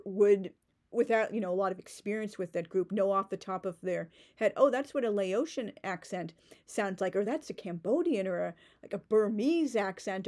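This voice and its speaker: A woman's voice: medium pitch, darkish tone. A woman ranting in a book-critique vlog, sarcastic and indignant, with many "like" fillers and restarts.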